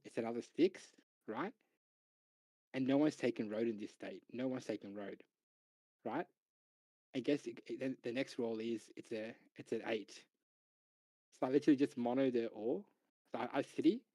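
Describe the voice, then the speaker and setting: A man recounting a game to friends in an eager, tumbling way, checking in with "ready?" and "right?" between beats. His voice is mid-pitched and sounds dry and close, with no room around it. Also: no echo, rough recording. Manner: excited, repeats "ready?" and "right?", laughs while telling. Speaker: streamer. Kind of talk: casual voice chat storytelling.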